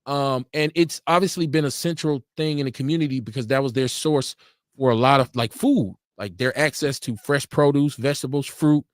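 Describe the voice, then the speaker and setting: This animated show host speaks in a mid-range voice at normal speed, laughing often as he tells stories and performs other people's lines on a casual live radio talk show. His studio-quality live-stream mic picks up no echo.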